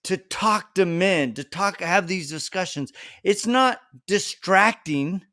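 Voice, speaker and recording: An earnest man hosting a conversational interview and hammering home his points. His voice sits a little high for a man, and the recording is close and dry, with no room in it. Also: animated, slow pace, sharp tone, no room sound. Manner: earnest, emphatic, repeats key points. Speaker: podcast host.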